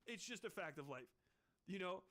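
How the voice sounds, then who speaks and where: Male streamer, slightly high voice, casual and profane, rambles and rants between passages. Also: animated, normal speed, fairly bright tone. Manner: rambling, swearing, ranting, laughing asides. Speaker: streamer reading a book aloud. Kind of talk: casual profane commentary on a book.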